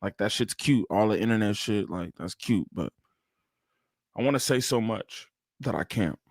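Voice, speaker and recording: A man's voice: on the low side, normal speed, darkish tone, slightly rough, no room sound. A man hosting a live-stream reaction, talking loosely and profanely into a close streaming mic and breaking into bursts of laughter.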